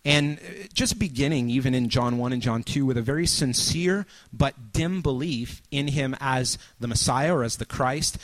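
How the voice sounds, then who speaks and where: Storytelling male preacher. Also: medium pitch. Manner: storytelling, acts out scenes with sudden shouts and hushed asides. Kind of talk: sermon.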